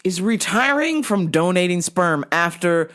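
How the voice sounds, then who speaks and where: A woman telling a story in a casual vlog, animated and profane, often laughing. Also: on the low side, a little slow. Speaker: vlogger.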